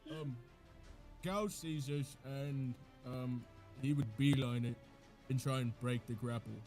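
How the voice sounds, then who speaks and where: A man playing a tabletop game who reacts in an excitable way. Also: mid-range voice, slow pace, soft background music. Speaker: player.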